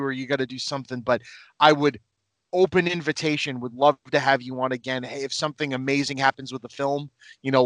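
A man from north of Boston hosts a podcast in a relaxed, excitable way. He rambles and pokes fun at himself. His voice is close and dry, with no room sound. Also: medium pitch, no echo. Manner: enthusiastic, rambling, self-deprecating. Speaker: podcast host. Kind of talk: casual podcast interview.

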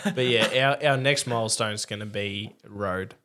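Laid-back young bloke. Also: male voice, on the low side, measured pace, sharp tone. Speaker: podcast guest. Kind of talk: casual chat.

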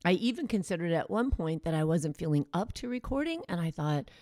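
A middle-aged woman hosts her podcast, talking through a personal story in a candid, conversational manner. Her voice sits on the low side, and the recording is close and dry with no room sound at all. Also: fairly quick, few pauses, no echo. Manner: candid, conversational, animated when recalling hard moments. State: recovering from a cold. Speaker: podcast host.

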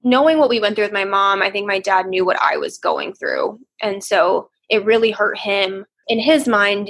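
A young woman talks candidly as an interview guest, earnest and reflective. Her voice is gravelly with vocal fry and has a husky edge. She works as a therapist and speaks openly. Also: mid-range voice, fairly bright tone. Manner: earnest, reflective, sometimes emotional.

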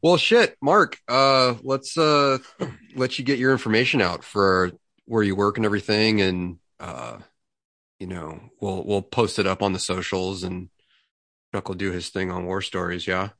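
Low-voiced man hosting a podcast. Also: fairly even intonation, a little slow, fairly bright tone, no room sound. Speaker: podcast host. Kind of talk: casual chat.

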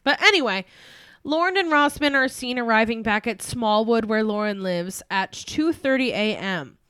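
A young woman talks through a true-crime story in a relaxed podcast chat, slipping from case details into side remarks. Her voice sits a little high and comes across smooth and clean. The sound is dry and close. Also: normal speed, no room sound. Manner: chatty, recounts case facts then breaks into asides and giggles. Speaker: podcast co-host telling a case.

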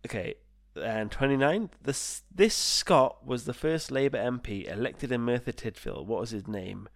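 A man's voice: mid-range voice, normal speed. A man, co-hosting a history podcast, reading quiz questions aloud with teasing, sweary banter. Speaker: podcast co-host.

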